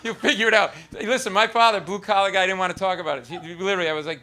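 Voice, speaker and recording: A man's voice: sits high, fast, pushed and bright. A middle-aged man doing a stand-up comedy set on a club stage, rambling and profane, acting out both sides of arguments. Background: audience laughter.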